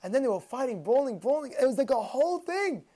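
A man giving a casual storytelling sermon as a Torah teacher, animated and repeating phrases for emphasis. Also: very high-pitched, fast talker.

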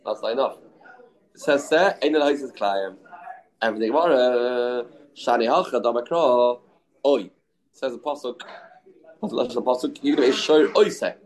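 A man teaching a daily Talmud lesson, arguing both sides in quick English laced with Aramaic and Yiddish terms. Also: medium pitch, a little mellow, poor audio. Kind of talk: daf yomi Talmud lesson.

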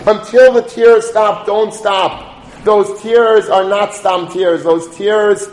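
Earnest high-voiced man giving a Torah talk. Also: slow, darkish tone. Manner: earnest, storytelling, uses Yiddish and Hebrew terms. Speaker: rabbi. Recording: echoey room with faint noise.

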